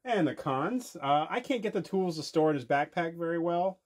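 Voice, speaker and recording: Man, husky, high and animated, playful exasperated comedy sketch host. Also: moderate pace. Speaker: podcast co-host and father. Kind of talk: comedic skit and figure review.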